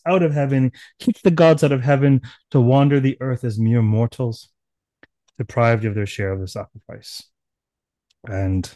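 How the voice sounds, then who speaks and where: A man giving a seminar lecture, retelling a myth in a lively way and acting out the characters' voices with sudden loud bursts. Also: medium pitch, dry recording. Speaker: seminar speaker. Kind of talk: animated storytelling lecture. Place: online seminar.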